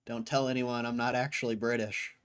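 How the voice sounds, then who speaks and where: A man's voice: medium pitch, level tone, fairly quick, fairly bright tone, smooth. Laid-back man hosting a livestream. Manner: laid-back, chuckling, loose slang. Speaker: livestream host. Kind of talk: casual livestream chat.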